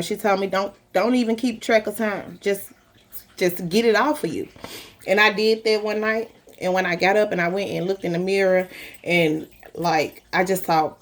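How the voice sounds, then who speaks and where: A woman sharing a personal story in a casual, emotional way, laughing often and speaking directly to her listeners. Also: fairly low pitch.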